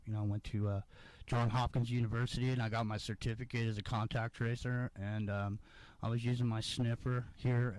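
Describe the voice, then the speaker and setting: A man's voice: fairly low pitch, a little mellow, no echo, natural voice, rough recording. A man voicing a pushy male contact tracer at the door, mock-friendly and nosy.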